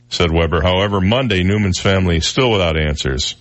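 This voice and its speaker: A man's voice: low-pitched, animated, quick pace, few pauses. A man co-hosting a radio show in casual banter, reading news stories aloud and joking about them. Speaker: radio co-host. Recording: radio broadcast.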